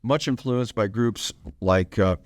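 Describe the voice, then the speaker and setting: An older man talking as a band musician guest in an interview, easygoing and rambling, with halting restarts as he tells stories. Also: lowish voice. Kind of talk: relaxed interview storytelling.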